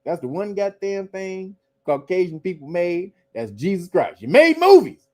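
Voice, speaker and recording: Man, high-pitched voice, show host, casual rant, laughs a lot, swears freely. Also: normal speed. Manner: animated, laughing often, profane. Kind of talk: casual livestream commentary.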